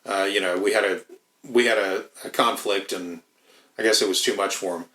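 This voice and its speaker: A man's voice: on the low side, steady tone, moderate pace, bright, forceful tone, roomy sound, rough recording. A man in casual podcast chat, rambling with lots of swearing and restarts. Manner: rambling, profane, many restarts.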